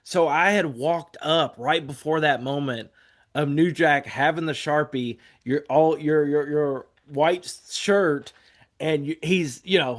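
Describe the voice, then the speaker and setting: A man in his forties with a slightly raised voice tells stories as a podcast guest. He rambles, swears freely and slips into quick impressions of the people he quotes. His delivery is loose and conversational. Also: a little high. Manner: profane, rambling, acts out quotes. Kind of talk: casual storytelling.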